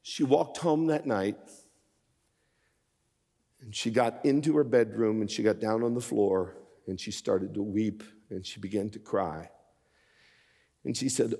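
A man in his sixties preaching a sermon as guest speaker, shifting from measured storytelling to impassioned, emphatic appeals. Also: lowish voice, vocal fry, dark tone, husky, long reverb tail. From Pennsylvania. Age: 60s.

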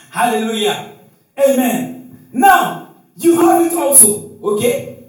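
High-voiced preacher man in echoey hall. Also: big pitch swings, slow, long pauses. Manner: call-and-response preaching with shouted exclamations and frequent hallelujahs. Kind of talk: sermon. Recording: echoey hall, distant mic, faint music.

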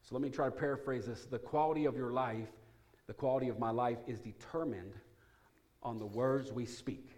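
A man pastor preaching to his congregation in a church sanctuary. His voice sits at an ordinary middle pitch. He drops to a soft, earnest hush in prayer, then jumps up loud and excited when he tells funny stories. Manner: energetic, humorous, swings from hushed prayer to loud excitement. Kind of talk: sermon.

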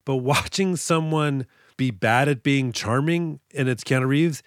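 Casting note: male podcast co-host, casual and chatty, quick to laugh, mid-pitched, dry close sound. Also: no echo. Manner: chatty, laughs often, trails into asides. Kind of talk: casual movie discussion.

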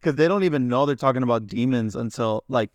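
A man in casual podcast chat who thinks out loud in an easygoing, reflective way. His voice is clear and smooth at a middle pitch. The close mic gives a dry sound. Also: fast talker, dry recording. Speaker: podcast co-host.

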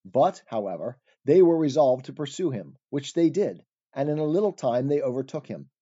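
Brief: measured male narrator reading archaic prose, dark mellow tone, dull lo-fi sound. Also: mid-range voice, lively intonation, husky. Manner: measured, formal, archaic phrasing. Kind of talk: scripted narration of an old allegory. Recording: dull lo-fi recording.

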